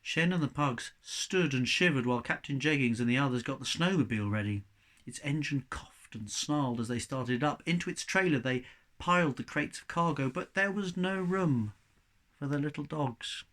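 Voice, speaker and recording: A man reading a children's novel aloud to young pupils, with a chatty, expressive manner. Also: mid-range voice, moderate pace.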